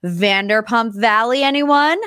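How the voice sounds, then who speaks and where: A woman's voice: on the high side, unhurried, clear, resonant tone, no room sound, clean studio sound. A young adult woman hosting a solo pop-culture podcast in casual chat, talkative and prone to tangents. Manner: chatty, tangent-prone, animated asides. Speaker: podcast host.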